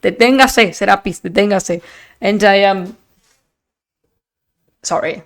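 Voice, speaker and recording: Streamer, woman, mid-pitched, expressive and chatty, laughs a lot. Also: takes it slowly. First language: Spanish. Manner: chatty and expressive, laughs often, slips into Spanish phrases. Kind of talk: casual live-stream chat. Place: at home, streaming on camera. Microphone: desk microphone.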